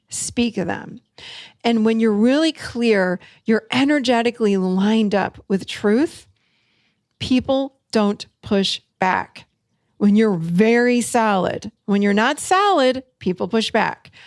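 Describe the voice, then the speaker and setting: A woman hosting a solo talk show, teaching and acting out example lines in an animated way. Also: mid-range voice, dry recording, clean studio sound. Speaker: podcast host and coach.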